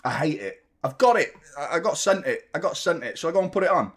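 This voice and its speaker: A man's voice: a little high, lively intonation, quick pace, a bit bright, breathy edge. A man casually chatting as host of a live football fan stream, self-mocking and reading out viewer messages. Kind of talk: casual live watchalong chat.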